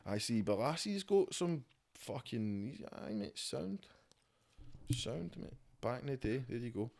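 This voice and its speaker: A man's voice: mid-range voice, lively intonation, measured pace, vocal fry, darkish tone. A man with a Scottish accent, a rapper talking as a podcast guest at home in a loose, rambling, swearing-heavy casual chat.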